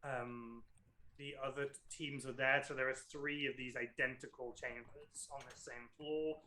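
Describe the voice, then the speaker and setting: A man's voice: mid-range voice, level tone, moderate pace, pushed and bright, poor audio. A man running a tabletop role-playing game as game master, narrating the scene hesitantly with many ums and self-corrections.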